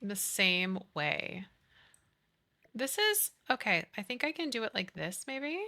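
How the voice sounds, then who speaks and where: A woman's voice: mid-range voice, unhurried. A woman in her thirties streaming a life-sim game, chatting casually with her chat about childhood and movies. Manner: chatty, animated, reads chat aloud. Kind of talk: casual chat while gaming.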